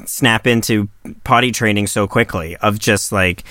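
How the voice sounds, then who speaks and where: A man's voice: lowish voice, measured pace, sharp tone, no echo, studio quality. A man co-hosting a casual parenting chat, thinking aloud with many restarts and fillers. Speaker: podcast co-host and father of twins.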